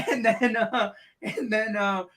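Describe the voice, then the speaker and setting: A man with a high, bright voice co-hosts a casual sports betting chat. He tells stories with energy and acts out the voices of the people in them. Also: slow, slight background noise. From Detroit area. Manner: animated storyteller, acts out quoted voices. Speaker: co-host.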